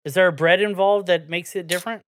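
A man's voice: high voice, steady tone, fast, noisy background. A man, hosting a podcast in loose, joking banter with a lot of swearing. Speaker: podcast host.

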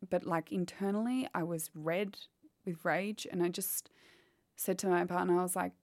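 Woman, low pitch, dry close mic, candid emotional storytelling. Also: steady tone, normal speed, darkish tone, dry recording. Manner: candid, quotes others as she retells. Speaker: guest.

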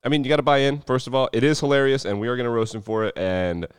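A man's voice: medium pitch, fairly even intonation, fast, clear, resonant tone, no room sound, clean studio sound. A man from the Rocky Mountain region hosting a sports podcast in chatty, sarcastic, emphatic casual talk. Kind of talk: casual solo podcast chat.

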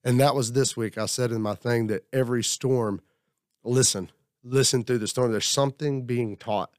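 His voice is medium in pitch, with fairly even intonation and normal speed, recorded with clean studio sound and no room sound. As a group member sharing in casual talk at a table, he rambles about his week, reflects on himself, and acts out others' words.

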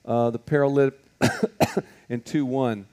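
A man's voice: medium pitch, fairly even intonation, slow pace, a little mellow. A man teaching a Bible lesson to a group in a conversational way, asking many rhetorical questions and stopping on fillers.

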